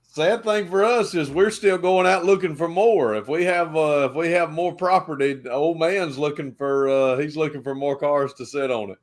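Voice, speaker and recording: A man's voice: a little high, moderate pace. Easygoing Georgia man, pastor. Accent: Georgia Southern US. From Georgia, United States. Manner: easygoing, laughs often. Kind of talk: casual chat on a livestream.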